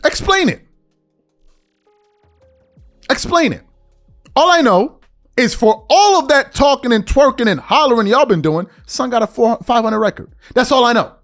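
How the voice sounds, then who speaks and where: A man on a podcast, ranting about sports with a lively voice that swings up and down. He is confrontational and mocking, and calls his listeners out directly. Faint music plays softly behind him. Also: very high-pitched, moderate pace. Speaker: podcast host. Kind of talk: heated sports commentary rant.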